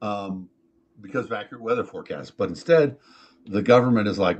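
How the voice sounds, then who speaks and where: A man's voice: on the low side, fairly quick, highs cut off. A man hosting a casual talk show, telling stories in a rambling way full of fillers and restarts. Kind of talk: casual chat, storytelling.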